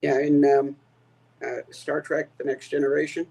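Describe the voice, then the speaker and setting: A man co-hosting a casual political chat, speaking haltingly with lots of fillers. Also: a little high, level tone, gravelly, warm tone, poor audio. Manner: halting, slow, full of fillers.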